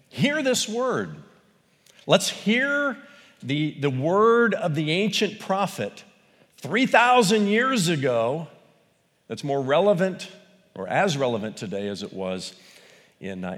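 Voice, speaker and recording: A man preaching a sermon, animated, rising to loud peaks and dropping to quiet asides. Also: on the high side, big-room sound. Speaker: pastor.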